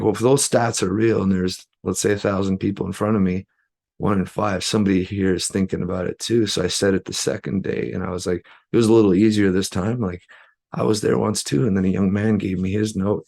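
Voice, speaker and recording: A man from Canada telling a personal story as a podcast guest, in an earnest, halting way with many fillers and restarts. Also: on the low side, gravelly, a little mellow. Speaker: guest musician.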